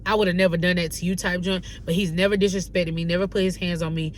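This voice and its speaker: A young woman from North Carolina telling a casual storytime on her vlog, animated and slangy, acting out the dialogue she quotes. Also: lowish voice, quick pace, a little hiss or hum. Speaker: vlogger.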